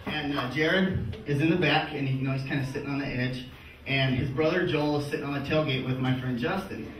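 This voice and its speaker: A man's voice: medium pitch, brisk. A man in his thirties doing a crude live stand-up set, often laughing through his own punchlines. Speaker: stand-up comedian. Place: comedy club stage with audience. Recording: distant, echoey live-room recording with loud audience noise.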